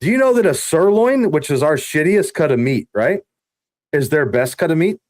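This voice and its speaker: A man talks on a podcast in a loose, swearing, storytelling way. His voice sits a little high and swings widely as he gets going. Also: expressive, moderate pace, a little mellow. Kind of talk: casual profane chat.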